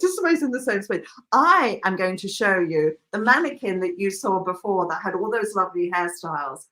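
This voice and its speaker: A woman teaching a live online hairdressing class, lively and emphatic, laughing often. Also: medium pitch, normal speed. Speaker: hairdressing educator.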